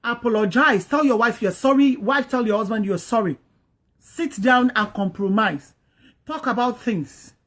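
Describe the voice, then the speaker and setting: Woman host, higher voice, earnest and preachy, repeats her points. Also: normal speed, a bit bright. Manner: earnest, repetitive, exhorting. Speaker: host giving marriage advice. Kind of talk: preachy advice talk.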